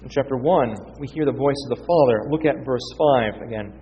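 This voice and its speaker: A man's voice: mid-range voice, brisk, hardly any pauses. A man preaching a teaching sermon, reading scripture aloud with emphasis. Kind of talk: expository sermon. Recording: dull, reverberant hall sound.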